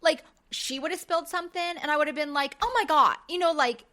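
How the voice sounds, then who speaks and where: A woman's voice: high-pitched, fast. A woman in her thirties co-hosting a casual podcast chat, telling stories with acted-out voices and casual swearing. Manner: animated storyteller, acts out voices, swears casually. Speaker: podcast co-host. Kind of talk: casual chat recapping a reality show.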